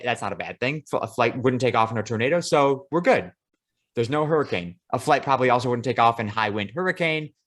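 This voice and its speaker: A man co-hosting a casual podcast, telling a travel story at an easy, average pitch. He swears freely and speeds up through his profane, animated asides. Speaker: podcast co-host.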